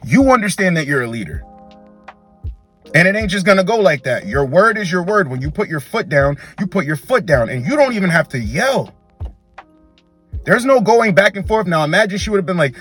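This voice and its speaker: A man's voice: high voice, big pitch swings, a little fast, fairly bright tone, faint music behind. A man giving dating advice in an emphatic, repetitive, slangy monologue.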